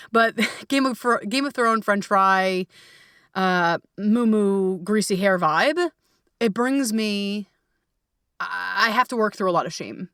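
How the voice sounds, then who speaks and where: Casual woman coach-host, frank and profane, mid pitch, dry slightly off-mic sound. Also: fairly bright tone, dry recording, distant mic. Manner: candid, swears freely, many fillers. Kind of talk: casual reflective coaching talk.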